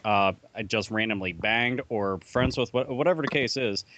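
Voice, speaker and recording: A man's voice: lowish voice, moderate pace, a bit bright, slight background noise. A man chatting casually on a podcast, rambling and profane, with lots of fillers and restarts. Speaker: podcast panelist. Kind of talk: casual chat.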